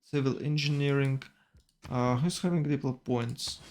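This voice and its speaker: Slow, hesitant male game commentator. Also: medium pitch, steady tone, a little mellow. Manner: hesitant, self-correcting, thinking aloud. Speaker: tournament commentator.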